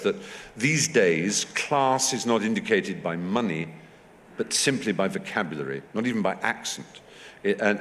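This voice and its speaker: Animated low-voiced English man in a hall. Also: a little hiss or hum. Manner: fluent and animated, acting out quoted voices. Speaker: festival guest. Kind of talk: onstage conversation, anecdotal storytelling. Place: festival stage in a large hall or tent.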